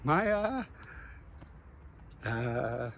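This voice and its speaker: A man giving an emotional motivational speech, earnest, with dramatic pauses and a slight stutter. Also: medium pitch, very animated, gravelly, fairly bright tone, a little hiss or hum. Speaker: motivational speaker.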